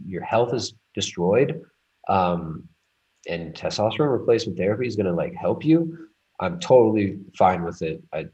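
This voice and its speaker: A man talking as a guest in a casual conversation, rambling and animated, with frequent restarts. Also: fairly low pitch. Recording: muffled lo-fi audio.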